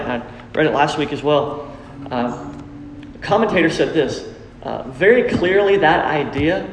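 A middle-aged man preaching a sermon as pastor, emphatic and repeating phrases for stress. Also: a little high. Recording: echoey hall, faint background noise.

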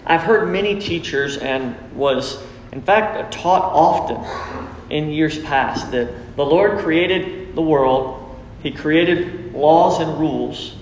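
A middle-aged man preaches a sermon with a fairly high voice, stressing his points by repeating them. The sound rings through a large reverberant hall with a faint hum of noise behind it. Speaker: pastor.

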